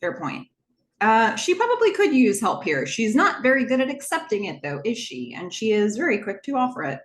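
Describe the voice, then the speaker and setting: A woman's voice: a little high, sing-song, normal speed, reverberant. A woman hosting a podcast, recapping a TV episode in a casual, chatty way with lots of fillers and asides. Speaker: podcast host.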